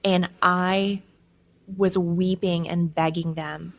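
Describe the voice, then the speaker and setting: Young adult woman, podcast guest, mid-range voice, heartfelt and animated testimony telling. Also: medium pitch, a little slow. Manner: emotional, animated storytelling with surging emphasis. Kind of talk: personal testimony storytelling.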